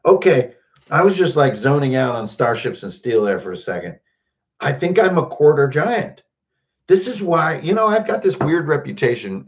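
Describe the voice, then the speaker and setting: A man hosts a casual livestream, rambling from one joke to the next and calling out viewers by name. His voice sits at an ordinary middle pitch, and the audio comes through slightly dull and muffled. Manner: rambling, jokey, greets chatters by name. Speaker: host.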